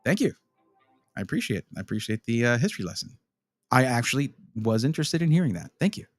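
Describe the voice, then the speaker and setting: Over faint background music, a medium-pitched man talks fast on a live stream. He's animated and rambling, reviewing gaming PC parts while answering his chat.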